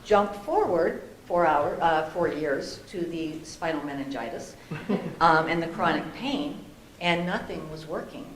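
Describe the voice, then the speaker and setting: Animated woman telling stories in an echoey room. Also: low-pitched, measured pace. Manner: animated, laughing storyteller. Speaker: panelist. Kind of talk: storytelling at a panel discussion. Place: conference room with an audience. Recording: echoey room with faint noise.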